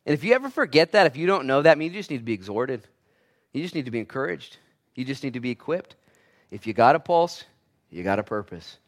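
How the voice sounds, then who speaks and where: Animated male preacher with dynamic delivery. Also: on the high side, quick pace. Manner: animated preaching, swinging between loud emphatic bursts and quiet asides; acts out voices in quoted lines. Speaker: pastor. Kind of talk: sermon.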